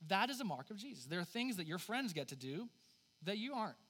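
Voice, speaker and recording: A man in his thirties preaching a sermon as pastor, swinging from forceful emphasis to hushed, near-whispered lines. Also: high-pitched, sing-song, quick pace, slightly rough. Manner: dynamic preaching, dropping to hushed near-whispers for God's words.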